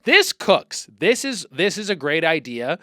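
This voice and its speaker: A male podcast host ranting comedically with heavy swearing, animated and exclamatory. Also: fairly high pitch, measured pace, no room sound, clean studio sound. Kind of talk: profane comedic rant.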